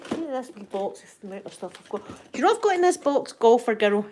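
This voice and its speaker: A woman's voice: on the high side, very animated, quick pace, darkish tone, a little hiss or hum. An older woman with a Scottish accent, chatting casually and cheekily as an ASMR host, laughing often.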